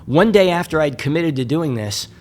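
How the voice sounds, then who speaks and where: A man's voice: on the high side, moderate pace, slight background noise. An American man, a motivational speaker, telling a story with jokes and frequent asides to the audience. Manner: animated, jokey, with asides to the audience. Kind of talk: humorous storytelling talk.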